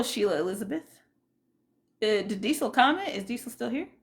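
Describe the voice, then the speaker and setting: A woman's voice: medium pitch, gravelly, fairly bright tone. Chatty woman greeting livestream viewers. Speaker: livestream host. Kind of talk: casual livestream chat.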